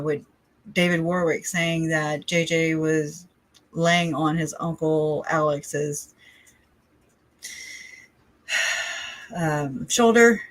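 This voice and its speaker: A woman's voice: deep voice, no echo. Chatty, rambling woman, dry close sound. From Southern United States. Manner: rambling, chatty, laughs often between thoughts. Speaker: livestream host. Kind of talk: casual livestream chat.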